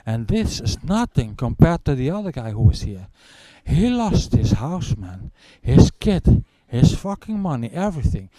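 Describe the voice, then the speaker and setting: A man voicing a rough Spanish male prison cellmate with a Spanish accent, speaking broken English and tagging lines with "man". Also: medium pitch, big pitch swings, measured pace, hardly any pauses, dark tone, no room sound. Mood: gruff.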